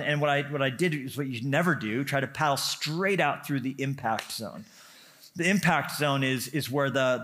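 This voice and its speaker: A man's voice: mid-range voice, fairly bright tone. A man from the western United States preaching, reading scripture and praying, then telling stories with self-deprecating humor. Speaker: pastor. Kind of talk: sermon with scripture reading and prayer.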